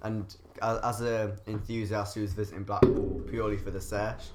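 A man's voice: on the low side, level tone, normal speed, darkish tone, a little hiss or hum. A young man, chatting casually on a podcast, laid-back and slangy, swearing and laughing often. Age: late teens. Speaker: podcast co-host. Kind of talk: casual chat.

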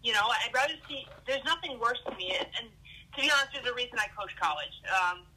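Candid female college coach, husky voice with a sharp edge. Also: fairly high pitch, animated, fast, poor audio. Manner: candid, thoughtful. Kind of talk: casual conversation.

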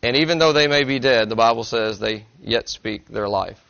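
A man's voice: medium pitch, normal speed, vocal fry, fairly bright tone, clean tone. Folksy joking man preaching a sermon. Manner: folksy, self-deprecating, joking. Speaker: pastor. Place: church sanctuary. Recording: dry, slightly dull recording.

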